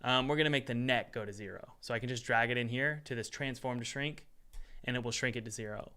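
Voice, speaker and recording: A man casually talking through his game development work at his computer, chatty and thinking out loud with exasperated asides. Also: medium pitch, fast, clean tone. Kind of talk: casual devlog commentary while working.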